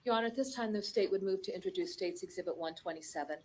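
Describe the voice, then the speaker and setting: A woman's voice: medium pitch, racing, slight background noise. A woman prosecutor formally questioning a witness and introducing evidence in a courtroom. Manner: formal, procedural. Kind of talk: courtroom examination.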